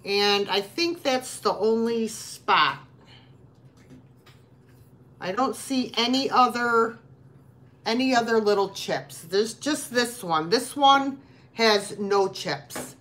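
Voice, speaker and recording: A woman's voice: a little high, slow, long pauses, a bit bright. A woman chatting casually as she hosts a live online sale, laughing easily between items. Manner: chatty, laughs easily, talks with mouth full. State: runny nose. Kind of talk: casual live selling chat.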